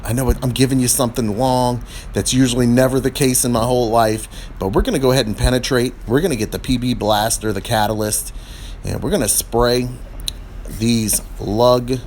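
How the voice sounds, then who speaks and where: A man's voice: mid-range voice, fairly even intonation, brisk, a little mellow. A middle-aged man chatting his way through a DIY tire review, rambling and growing frustrated as he works on his car outdoors. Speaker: product reviewer. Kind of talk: casual DIY review vlog. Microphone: phone camera. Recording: noisy outdoor phone recording.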